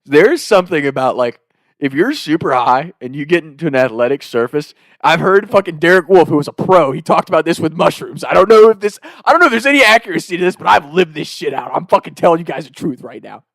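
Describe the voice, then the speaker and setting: Animated, profane young man telling a story. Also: on the high side, fast, no room sound. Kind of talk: casual storytelling.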